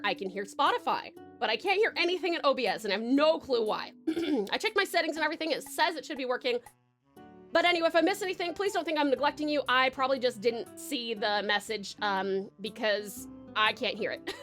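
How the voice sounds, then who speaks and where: A young woman with an Australian accent and a high, bright voice chats loosely with her viewers on a live stream. She giggles often and rambles through plenty of ums and restarts, with soft music playing faintly behind her. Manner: bubbly, giggly, rambling with many fillers. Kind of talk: casual live-stream chat.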